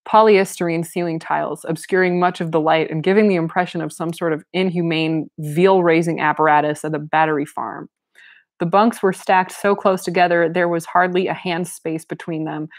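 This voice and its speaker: A woman's voice: on the low side, dry recording. A woman reading a novel aloud with casual commentary, breaking in with wry asides and frequent laughs. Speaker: reader and commentator.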